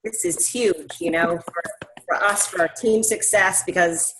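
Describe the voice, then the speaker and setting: Lowish-voiced woman on a video call. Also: measured pace, a bit bright, slight background noise, rough recording. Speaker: team leader co-hosting the call.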